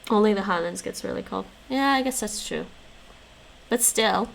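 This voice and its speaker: A woman's voice: medium pitch, moderate pace, creaky, a little hiss or hum, rough recording. A woman livestreaming at home, chatting casually and answering her viewers' messages aloud while she studies languages, with frequent laughs.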